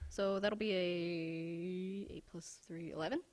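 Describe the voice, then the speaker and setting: A woman's voice: on the low side, fairly even intonation, slow pace, a little mellow. A woman playing a tabletop role-playing game, playful and a little unsure of the rules. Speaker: player.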